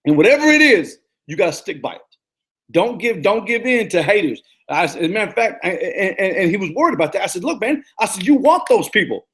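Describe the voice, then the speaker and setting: A man in his thirties, a life coach giving a casual, energetic motivational talk that repeats its points and often stumbles and restarts. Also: high-pitched, quick pace. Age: 30s. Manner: energetic, repetitive, preachy pep talk.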